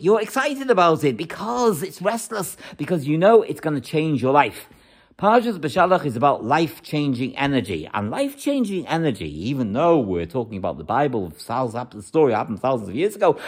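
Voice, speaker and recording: A man giving a weekly spiritual teaching, emphatic and repetitive, full of rhetorical questions. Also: a little high. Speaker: religious teacher.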